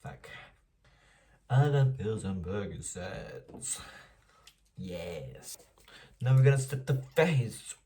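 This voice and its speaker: A man's voice: on the low side, animated, extremely slow, long pauses, dark tone, far from the mic, slight background noise. A young man chatting casually in a diary vlog while doing his makeup, rambling, self-deprecating and swearing playfully. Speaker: vlogger.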